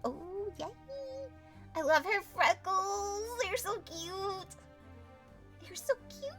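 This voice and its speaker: A woman streaming a visual novel, reading it aloud and reacting with animated, theatrical comments. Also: extremely high pitch, slow, music in the background.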